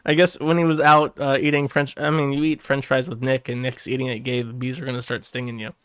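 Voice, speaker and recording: A man's voice: medium pitch, little pitch movement, quick pace, fairly bright tone, smooth, no echo, clean studio sound. A man streaming, reading aloud and commenting in a rambling, crude way with chuckling asides.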